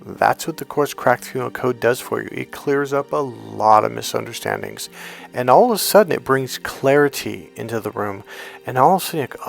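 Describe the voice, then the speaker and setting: A man coaching on dating in a blunt, profane monologue, telling animated stories. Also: mid-range voice, moderate pace, vocal fry, soft background music. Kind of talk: monologue to camera.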